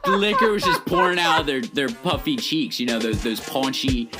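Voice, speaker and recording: A man's voice: mid-range voice, very animated, normal speed, loud music behind the voice. A man in his thirties co-hosting a podcast, chatting casually, laughing often and rambling through restarts. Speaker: podcast co-host. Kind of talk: casual chat.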